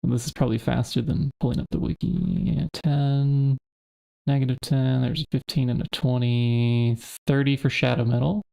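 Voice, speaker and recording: A man's voice: medium pitch, steady tone, moderate pace, gravelly, mellow. A man streaming a modded game, chatting casually and thinking aloud as he searches through items. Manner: thinks aloud, muttering to himself while searching. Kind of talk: casual gameplay commentary.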